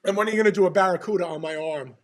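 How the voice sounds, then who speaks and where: A man co-hosting a casual livestream chat, loud and laughing, swearing often. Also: sits high, racing, slight background noise. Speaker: podcast co-host.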